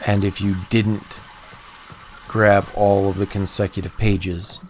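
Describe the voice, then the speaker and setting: A man with a lowish voice chats casually while playing a game on stream, musing aloud about puzzles and answering his viewers. He has a bit of a cough, and a faint hiss sits under his desk-mic sound. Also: flat delivery, takes it slowly. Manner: thinking aloud, easygoing and chatty. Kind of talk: casual livestream chat.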